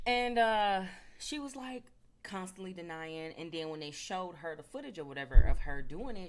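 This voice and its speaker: A woman's voice: lowish voice, animated, normal speed. A woman giving a casual spiritual talk, telling stories in a loose, chatty way full of fillers. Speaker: spiritual speaker.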